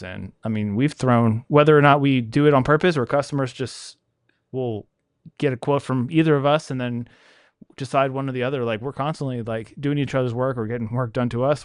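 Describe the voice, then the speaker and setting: A man's voice: mid-range voice, smooth, no echo, studio quality. A man hosting a casual podcast chat about his pressure washing business, talking candidly and acting out what other people said. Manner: candid, animated, acts out quoted people.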